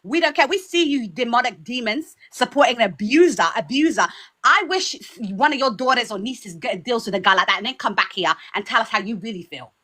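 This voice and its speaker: A woman's voice: a little high, lively intonation, a little fast, pushed and bright. A woman with an accent giving a fiery, preachy pep talk as a guest on a livestream. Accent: foreign accent. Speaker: guest speaker.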